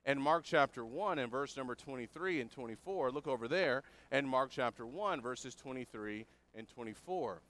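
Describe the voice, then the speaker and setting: In a sermon delivered at normal speed with hardly any pauses, a man with a medium-pitched, fairly bright voice and lively intonation earnestly works through a passage verse by verse, questioning his listeners as he explains.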